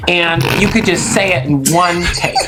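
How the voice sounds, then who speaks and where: A man's voice: high voice, normal speed, heavy background noise. A man chatting comically, acting out reactions and laughing often. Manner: expressive, breaks into laughter and shrieks. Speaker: podcast co-host. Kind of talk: comedic chat. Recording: clip with music behind.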